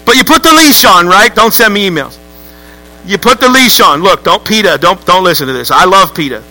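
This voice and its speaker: Male pastor, high and very bright voice, lively joking sermon delivery. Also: brisk, rough recording. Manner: lively, joking, acts out voices with rising outbursts. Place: church sanctuary with congregation.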